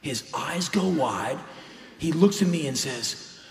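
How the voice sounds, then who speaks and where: A man's voice: fairly high pitch, lively intonation, slow pace, gravelly. A middle-aged man telling a true story in a blunt, intense, profane way as a live spoken word performance. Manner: intense, blunt and profane, bursts into loud shouts. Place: live stage in a large hall. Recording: roomy hall reverb from live stage.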